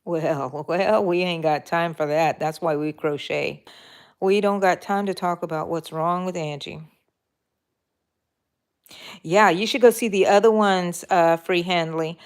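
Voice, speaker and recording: A woman's voice: fairly low pitch, a little slow, clear, resonant tone. Chatty laid-back woman crocheting live. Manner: chatty, laughing, talks to viewers. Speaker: crochet vlogger. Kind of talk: casual live-stream chat while crocheting.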